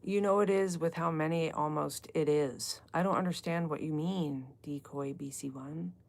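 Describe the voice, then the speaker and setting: Low gravelly woman chatting live. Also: normal speed. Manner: chatty, talks straight to chat viewers, drifts between topics. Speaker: livestream book club host. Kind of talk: casual live chat reading comments.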